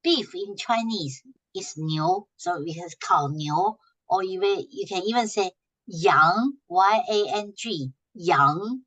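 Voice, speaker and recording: A woman teaching a language class, patiently repeating short phrases slowly for her students to echo. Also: medium pitch, big pitch swings, fairly bright tone.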